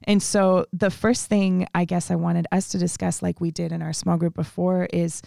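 A woman's voice: lowish voice, flat delivery, normal speed, vocal fry, no echo, clean studio sound. A woman co-hosting a church podcast, reflecting aloud on the story and easing into the discussion questions. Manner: warm-affirming, reflective, thinks aloud with restarts. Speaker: small groups director, co-host. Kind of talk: podcast conversation.

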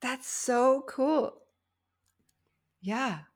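A woman's voice: high voice, drawn-out words, gravelly. A woman hosting a casual interview, responding with short, encouraging remarks and questions. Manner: encouraging listener, short affirmations. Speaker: podcast host.

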